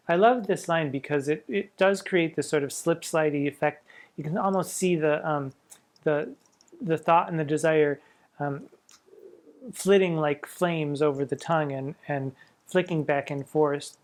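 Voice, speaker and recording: A man's voice: fairly high pitch, unhurried. A man, a drag performer, giving casual spoken commentary on poetry in a musing way, reading verse lines aloud with relish and adding wry, self-mocking asides.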